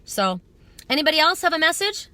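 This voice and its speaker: A woman's voice: high voice, sing-song, brisk, pushed and bright. A woman giving a live psychic card reading to her viewers outdoors at dusk, talking in an earnest, rambling, spiritual way.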